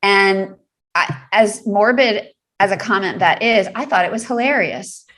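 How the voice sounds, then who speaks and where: A woman's voice: mid-range voice, a little slow, fairly bright tone, slight background noise. A woman being interviewed on a podcast, telling a personal story earnestly, with many fillers and frequent laughter. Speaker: guest, trauma recovery specialist.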